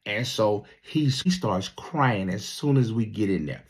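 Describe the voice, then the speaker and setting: A man's voice: lowish voice, expressive, unhurried. A man in his fifties, a Navy veteran, telling a story casually with a lot of profanity and repeated words. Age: 50s.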